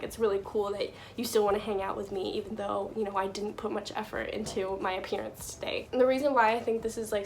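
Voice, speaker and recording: A woman's voice: medium pitch, a little hiss or hum. A young woman giving casual life advice to her viewers, chatty and full of "like" and "you know".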